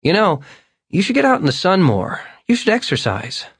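A man's voice: sits high, huge pitch swings, normal speed, husky, dry recording, voice pushed up, full character voice. Man doing an earnest young chatterbox, voice lifted above the narration, dry read. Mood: eager.

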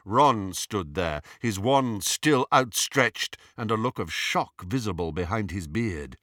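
A man narrating an audiobook in an expressive, storytelling manner. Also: lowish voice, slow pace, no room sound, clean studio sound.

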